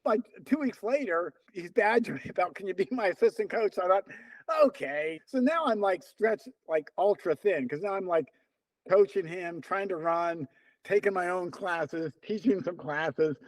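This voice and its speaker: Animated older man telling stories. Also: sits high, normal speed, no room sound. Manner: animated storyteller, acts out quoted dialogue. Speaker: interview guest, runner and coach. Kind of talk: casual storytelling.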